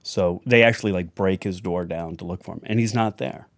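A man's voice: sits low, fairly quick, no room sound, studio quality. A man telling a family anecdote in a chatty, wry way with side remarks. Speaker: storyteller. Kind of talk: anecdotal storytelling.

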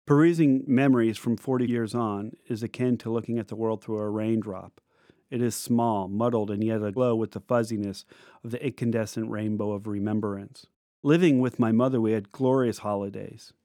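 A man's voice: lowish voice, fairly even intonation, dark tone, no room sound, studio quality. Reflective man reading his memoir. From United States. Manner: reflective, measured, descriptive. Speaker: memoir narrator. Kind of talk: reading a personal memoir aloud.

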